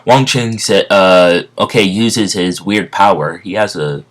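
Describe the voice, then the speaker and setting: A man casually retelling a story off the cuff, rambling and halting, with many fillers and self-corrections. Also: deep voice. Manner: stumbles over words. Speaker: fan storyteller.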